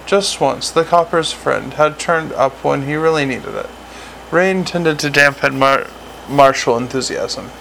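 Male narrator with a gravelly voice. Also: on the high side, a little slow, fairly bright tone, slight background noise, rough recording. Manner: reads with small slips and restarts. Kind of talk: audiobook narration.

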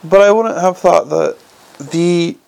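A man doing a withered old zombie lawyer for a storybook reading: low, very gravelly and half-whispered. He speaks slowly and formally, every word precise and pedantic. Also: a little mellow, exaggerated voice. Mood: dry.

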